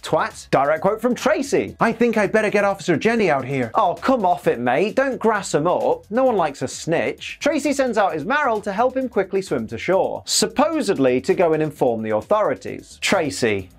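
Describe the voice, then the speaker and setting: A British man giving comedic review commentary that is sarcastic and profane and full of slangy asides. His pitch bounces around a lot as he mocks what he is watching. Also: sing-song, normal speed, few pauses, soft background music. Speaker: video reviewer.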